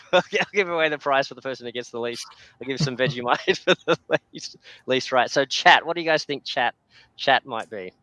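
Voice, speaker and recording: A man's voice: medium pitch, normal speed, sharp tone, dry recording. An Australian man hosting a casual video call chat, rambling with lots of fillers and frequent laughter. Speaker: channel host.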